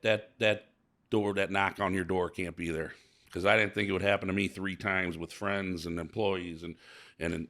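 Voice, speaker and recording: Gravelly low-voiced St. man. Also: a bit bright. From St. Louis, USA. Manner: halting, repeats words, emotional and earnest. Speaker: business owner guest. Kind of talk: casual interview.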